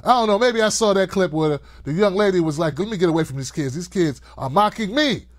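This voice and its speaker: Sarcastic guy doing a commentary monologue, kinda high voice, pretty dry room. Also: lively intonation, quick pace, dry recording. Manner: sarcastic, emphatic. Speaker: commentary show host.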